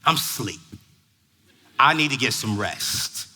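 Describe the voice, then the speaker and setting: Animated, bright-voiced male speaker. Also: mid-range voice, slow pace, breathy edge. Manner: animated, dramatic storytelling. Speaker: youth pastor and motivational speaker. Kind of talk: motivational storytelling talk.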